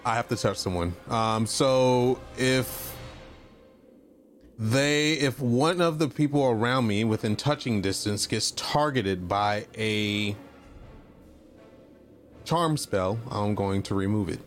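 A man's voice: lowish voice, slow pace, faint music behind. A man playing a tabletop game, explaining his character's moves hesitantly with many fillers. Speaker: player. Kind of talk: casual tabletop play.

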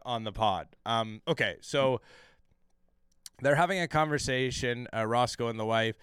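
A man's voice: lowish voice, fairly bright tone, clean tone, no echo, studio quality. A man co-hosting a podcast, recapping a TV episode in casual, profane chat full of fillers and restarts.

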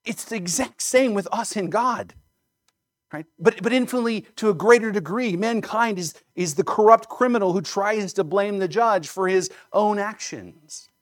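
A man preaching a sermon in a fairly high voice. He drives his points home with rhetorical questions and keeps asking "right?" to check that his listeners are with him. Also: normal speed. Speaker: pastor.

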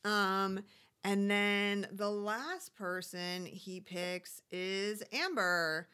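A woman's voice: mid-range voice, fairly even intonation, extremely slow, sharp tone, clear, resonant tone. A woman co-hosting a casual chat, recapping a show with sarcastic asides. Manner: chatty, sarcastic, acts out quotes in squealy voices. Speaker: podcast co-host recapping a reality show.

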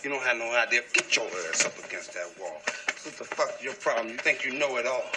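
A man's voice: medium pitch, animated, quick pace, noisy background, close to an everyday voice. An actor playing an overprotective father who grills his daughter's date in a film scene. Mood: interrogating, threatening. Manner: interrogating, escalating, profane.

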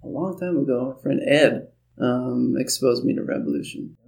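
A man's voice: medium pitch, vocal fry, darkish tone, recorded from a distance. A man in his thirties hosting a casual chat, joking around, cutting in often and swearing. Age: 30s. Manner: jokey, swears, quick interjections. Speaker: podcast host.

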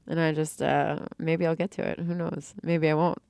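A woman's voice: sits low, flat delivery, normal speed, creaky, darkish tone, no echo, clean studio sound. Chatty sarcastic woman podcast host. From Lynn, Massachusetts. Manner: chatty, sarcastic, laughs often. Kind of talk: casual podcast chat.

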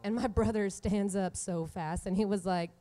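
A woman in her twenties telling a comic story from her own life, animated and often laughing through the punchlines. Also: mid-range voice, normal speed. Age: 20s. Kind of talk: live comedic storytelling.

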